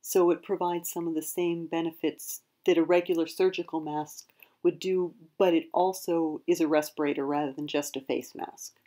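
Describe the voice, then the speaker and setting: A woman's voice: lowish voice, dark tone. A woman hosting an explanatory video lesson, speaking carefully and correcting herself as she goes. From United States. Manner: careful, self-correcting, hedges with "I believe". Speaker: prepping channel host.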